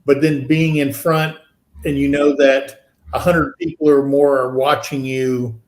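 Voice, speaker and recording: A man's voice: mid-range voice, level tone, unhurried. A man who is a guest and fellow channel creator, chatting casually and joking in an easygoing way. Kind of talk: casual chat. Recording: roomy echo.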